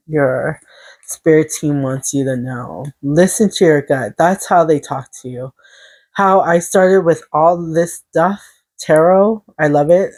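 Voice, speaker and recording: A woman giving a casual tarot reading, earnest and encouraging, rambling with halting restarts. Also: low-pitched, darkish tone. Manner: earnest, encouraging self-help tone. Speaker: tarot reader.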